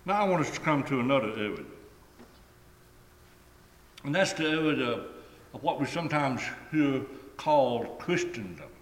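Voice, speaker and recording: A man preaching a sermon in a deliberate, emphatic way, stretching key phrases and letting them fall away at the ends. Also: medium pitch, expressive. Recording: echoey hall with long reverb.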